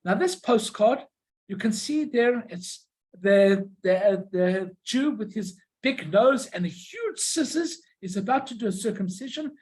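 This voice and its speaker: This is an informal illustrated talk about an old collection, delivered by a presenter at an ordinary, middle pitch. The speech is halting, full of restarts and on-the-spot corrections, as each item is shown and explained. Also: expressive, darkish tone, low-quality recording. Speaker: presenter showing a collection of stamps and postcards.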